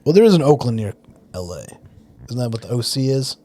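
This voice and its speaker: A man co-hosting a casual comedy chat, dropping deadpan wisecracks. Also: mid-range voice, fast talker. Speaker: comedy podcast co-host.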